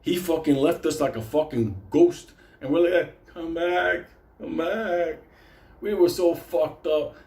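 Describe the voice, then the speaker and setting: A man's voice: fairly high pitch, a little slow, hardly any pauses. A Puerto Rican man telling a comic story in casual talk, swearing constantly and laughing as he goes. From Puerto Rico. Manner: profane, animated, laughing through his story. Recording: roomy echo.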